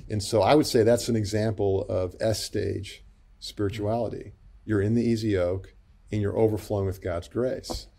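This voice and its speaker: Low, mellow male guest; gentle, reflective pastor type, halting delivery. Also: fairly even intonation, vocal fry. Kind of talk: interview conversation.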